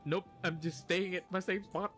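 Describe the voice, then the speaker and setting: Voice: medium pitch, steady tone, normal speed, over music. A player in an online tabletop game, rambling with many fillers. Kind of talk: casual game chat.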